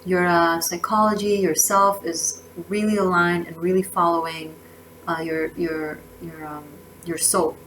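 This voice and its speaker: A woman's voice: fairly low pitch, level tone, unhurried, fairly bright tone, a little hiss or hum, low-quality recording. A woman giving a casual tarot reading, effusive and emotional, often restarting her words. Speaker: tarot reader.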